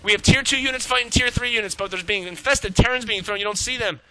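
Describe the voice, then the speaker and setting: Brief: male esports caster, high and very bright voice, excitable, profane play-by-play. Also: rough recording. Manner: excitable, swearing, rapid reactions. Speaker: esports shoutcaster. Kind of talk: live play-by-play game commentary.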